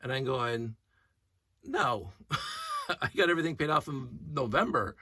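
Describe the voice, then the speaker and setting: A man vlogging in a casual, rambling storytelling rant, animated and indignant as he retells events. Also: mid-range voice, measured pace, husky, no echo.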